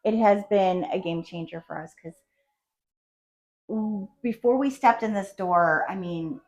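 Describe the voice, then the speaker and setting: A woman's voice: mid-range voice, a little slow, darkish tone, lo-fi sound. A middle-aged woman, a guest on a podcast, telling her personal story in a casual, emotional and rambling way. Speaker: patient guest.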